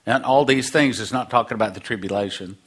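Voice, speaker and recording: A man's voice: on the low side, fast talker, fairly bright tone, husky. A man preaching a sermon, acting out quoted voices and dropping humorous asides.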